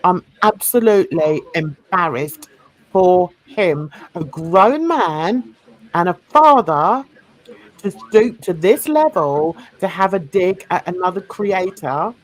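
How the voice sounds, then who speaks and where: A woman's voice: lowish voice, animated, slow. A woman hosting a casual panel chat, speaking earnestly and indignantly. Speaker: channel host.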